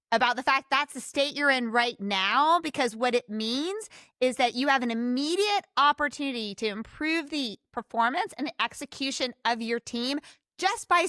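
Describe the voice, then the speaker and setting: A woman's voice: high-pitched, sharp tone, dry recording, studio quality. A woman hosting a podcast interview who talks to listeners in an enthusiastic, encouraging way. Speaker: podcast host.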